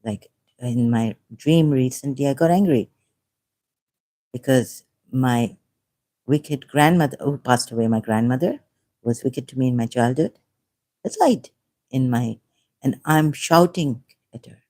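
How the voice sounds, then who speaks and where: A woman's voice: a bass voice, measured pace, long pauses, warm tone. A woman talking in an unscripted monologue as an online commentator, impassioned and rambling, often repeating herself.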